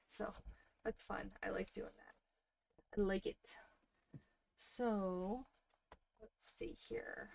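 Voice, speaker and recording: A woman in her thirties hosting a crafting livestream, chatting softly and casually with her viewers while she works. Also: mid-range voice, creaky, a little hiss or hum. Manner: soft-spoken, chatty, talks to viewers in the chat.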